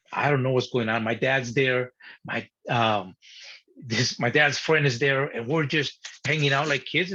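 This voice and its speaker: A man telling a personal story in an interview, animated and blunt, acting out his younger self and swearing at times. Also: medium pitch. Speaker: guest. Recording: dull lo-fi sound.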